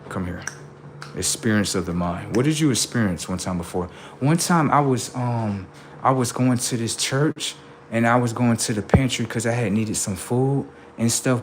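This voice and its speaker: A man's voice: mid-range voice, slight background noise. A man streaming live, rambling through commentary and stories and checking in with "right?" often.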